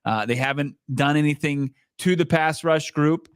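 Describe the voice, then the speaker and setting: A man's voice: fairly high pitch, normal speed, clear, resonant tone, dry recording, clean studio sound. A man co-hosting a casual sports podcast, joking and teasing his partner, laughing often. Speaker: podcast co-host.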